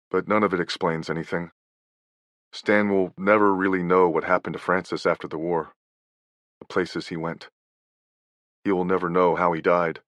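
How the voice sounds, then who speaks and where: A man reading nonfiction as an audiobook narrator, in a measured, even delivery. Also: low voice, no room sound.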